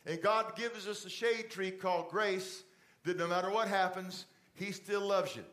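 A middle-aged man preaching a conversational sermon in a church, dropping to a soft fatherly voice for asides. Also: high-pitched, steady tone, moderate pace. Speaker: pastor. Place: church stage with TV lights.

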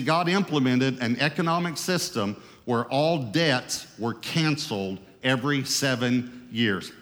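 A man delivers a sermon as pastor, leaning hard on key phrases in emphatic, rising and falling waves. His voice sits at an ordinary male pitch. A long reverb trails after him, as in a large church sanctuary. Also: fairly bright tone.

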